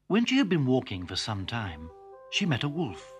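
Expressive male children's storyteller. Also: mid-range voice, moderate pace. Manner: gentle, expressive reading. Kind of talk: scripted narration of a children's story. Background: background music.

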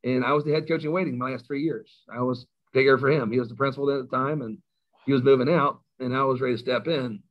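A middle-aged man with a Kentucky accent, a high school coach telling stories as a guest, self-mocking and laughing often. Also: fairly even intonation, fast talker. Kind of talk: casual storytelling interview. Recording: slightly dull lo-fi sound.

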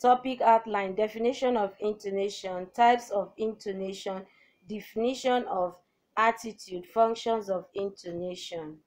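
A woman teacher giving a formal televised lesson, reading out each point of her outline in a measured, deliberate way. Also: mid-range voice, darkish tone.

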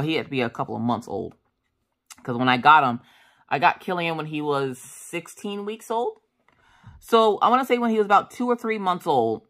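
Deep-ish lady vlogger, super animated storytelling, chatty and full of asides. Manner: animated, acts out voices in quotes; chatty, with many fillers and asides. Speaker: craft vlogger. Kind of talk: casual storytelling chat.

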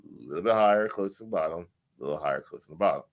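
A man casually breaking down crypto price charts, animated and repetitive, swearing now and then. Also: racing, muffled recording. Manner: animated, repetitive, swears, sweeps between loud and low.

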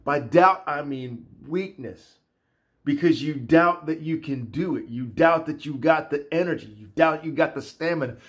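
A man with a fairly high voice rants casually to the camera. He is animated and salty-mouthed and hammers his points through repetition. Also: normal speed. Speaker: vlogger. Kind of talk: casual rant.

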